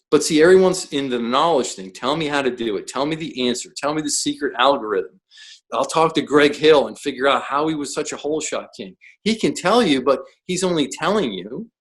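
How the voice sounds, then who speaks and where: A man's voice: mid-range voice, poor audio. A man who is a professional coach, talking as a podcast guest in an emphatic, blunt way, full of rhetorical questions. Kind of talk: podcast interview.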